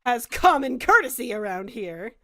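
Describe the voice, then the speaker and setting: A woman's voice: fairly high pitch, very animated, moderate pace, fairly bright tone. A woman voicing a self-important male nobleman who whines and demands help. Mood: indignant.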